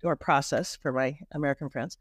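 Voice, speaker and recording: Here the Canadian marketing coach, a middle-aged woman with a Canadian accent, sounds expressive, her pitch fairly low and her speed normal. She makes her points emphatically in a podcast interview, often restarting and repeating. There's no echo on the recording.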